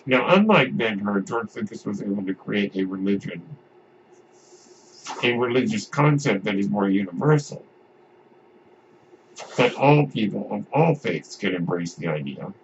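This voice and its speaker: A man's voice: on the low side, animated, a little slow, pauses often. A man hosting a podcast, talking casually about films in a rambling way, often restarting his sentences. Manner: rambling, with frequent restarts and asides. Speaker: podcast host. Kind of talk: casual film commentary. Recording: dull lo-fi audio with faint noise.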